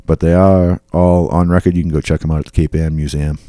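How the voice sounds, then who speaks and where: Male podcast host, low-pitched, casual storyteller reading from notes, dry close mic. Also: flat delivery, fast, warm tone, dry recording. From New England. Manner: reads accounts aloud with asides and fillers.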